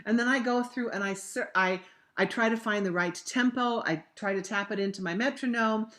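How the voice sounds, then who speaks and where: Bright-voiced woman coaching singers on a video call. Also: medium pitch, moderate pace. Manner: demonstrative, acts out diction examples with sudden loud bursts; conversational, warm coaching with fillers. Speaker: opera coach leading a master class. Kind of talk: virtual master class teaching.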